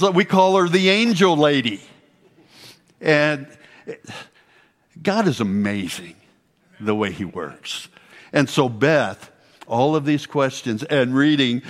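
A man giving a folksy testimony talk at church, telling a story full of quoted dialogue. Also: mid-range voice. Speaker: church speaker. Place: church sanctuary. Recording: long church hall reverb.

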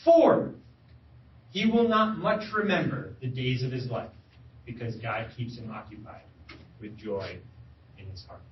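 A man's voice: medium pitch, lively intonation, measured pace, pauses often, a little hiss or hum. A man sharing a testimony at a men's breakfast, in an earnest way, often repeating words as he searches for them. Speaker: lay speaker. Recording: roomy hall, distant mic, dull sound.

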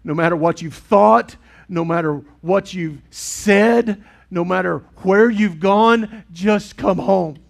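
Earnest high-voiced pastor. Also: male voice, slow pace, gravelly. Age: middle-aged. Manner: earnest, swings from loud to hushed. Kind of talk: sermon. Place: church sanctuary with congregation.

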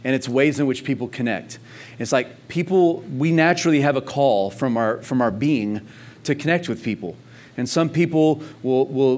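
A man's voice: medium pitch, darkish tone. A man preaching a sermon in a casual, conversational way, full of rhetorical questions and emphasis. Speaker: pastor. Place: church service in Texas.

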